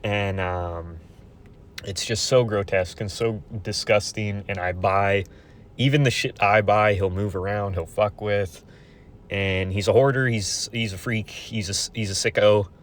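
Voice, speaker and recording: Low-voiced young man venting, profane. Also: steady tone, measured pace. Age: 20s. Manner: profane, rambling, frequent restarts. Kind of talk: casual venting monologue.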